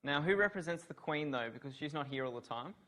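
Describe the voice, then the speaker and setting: A man's voice: on the high side, expressive, fast talker, bright, forceful tone. A man giving a university revision lecture on law, asking students questions and praising their answers.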